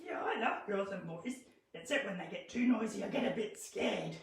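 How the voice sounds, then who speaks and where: A woman's voice: medium pitch, lively intonation, normal speed, far from the mic, close to an everyday voice. A woman voicing a shy, playful young moose puppet who teases with wrong answers, in an echoey garage. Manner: timid and cheeky, teasing with wrong answers. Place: home garage.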